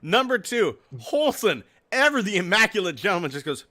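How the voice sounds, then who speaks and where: A man's voice: sits high, very animated, normal speed, pushed and bright. A man hosting a casual podcast, laughing and swearing as he chats with guests. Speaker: podcast host. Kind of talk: casual chat.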